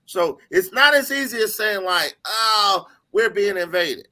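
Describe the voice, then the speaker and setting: A man's voice: sits high, measured pace, sharp tone. A man co-hosting a casual panel podcast, blunt and profane, often talking over the others. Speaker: podcast co-host.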